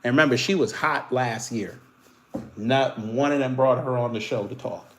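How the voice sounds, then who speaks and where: A man's voice: mid-range voice, moderate pace. Sarcastic Caribbean-born commentary man. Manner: animated, sarcastic, mocking, swings between loud and muttered asides. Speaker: political commentary host. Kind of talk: casual commentary reading posts aloud.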